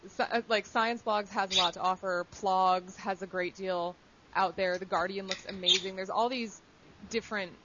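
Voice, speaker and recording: A woman's voice: mid-range voice, fairly even intonation, moderate pace. A woman chatting casually on a podcast panel, upbeat and hedging as she talks. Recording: dull lo-fi sound with faint hiss.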